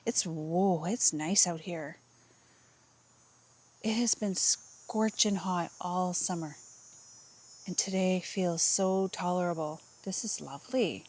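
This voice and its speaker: A woman's voice: on the low side, slow pace, long pauses, darkish tone. Chatty woman rambling through chores. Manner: rambling, chatty, self-mocking. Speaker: vlogger, housewife. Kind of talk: casual chat while cleaning. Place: home, indoors and yard.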